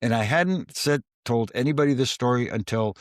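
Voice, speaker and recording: A man's voice: medium pitch, normal speed, no echo, clean studio sound. A man, a former wrestling referee, telling casual backstage stories in an interview and acting out the dialogue. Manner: storyteller who acts out quoted dialogue in his tales. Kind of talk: casual anecdotal storytelling.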